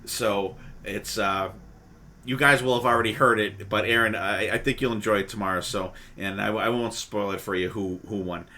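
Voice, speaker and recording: Bright-voiced man hosting a casual podcast. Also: fairly low pitch, steady tone, normal speed. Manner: rambling, restarts often, swears casually. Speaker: podcast host. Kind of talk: casual chat.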